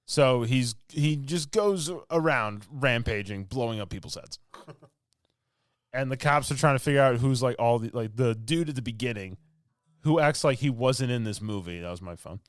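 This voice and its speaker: A male podcast co-host casually recaps a movie, rambling, leaning heavily on fillers, and laughing often. His mid-range voice moves at a moderate pace, recorded in studio quality with no room sound.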